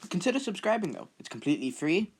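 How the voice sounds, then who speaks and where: A man's voice: sits high, sing-song, fast talker, noisy background. A young man hosting his own channel, talking casually in a rambling, self-deprecating way and often repeating words as he goes. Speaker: channel host. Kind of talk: casual vlog commentary.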